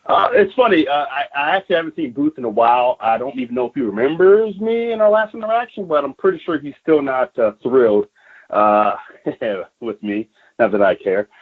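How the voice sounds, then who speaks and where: A man's voice: medium pitch, lively intonation, a little fast. A man, a pro wrestler, chatting loosely in an interview, with lots of fillers and "you know, man". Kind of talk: casual phone interview. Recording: tinny phone line.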